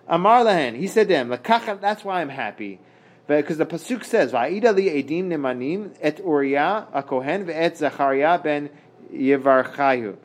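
A man teaching a Talmud page in a casual lesson. He reads Hebrew and Aramaic passages aloud, translates them, and talks haltingly, with many fillers and restarts. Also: on the high side, animated. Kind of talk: casual daf study lesson.

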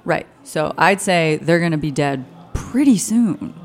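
A woman in her thirties chatting as a podcast co-host, self-deprecating and rambling, with wry dark jokes. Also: deep voice, lively intonation, measured pace, crowd noise. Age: 30s. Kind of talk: casual chat.

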